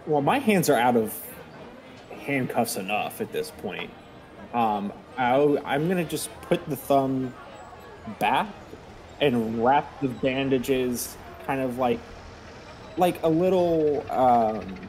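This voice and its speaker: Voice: mid-range voice, lively intonation, slow, darkish tone, slight background noise. A player speaking in character in a tabletop game, laid-back and rambling.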